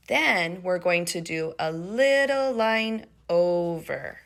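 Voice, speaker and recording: Slow sing-song preschool teacher woman. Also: on the low side, lively intonation, vocal fry. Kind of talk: video lesson for young children. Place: at home.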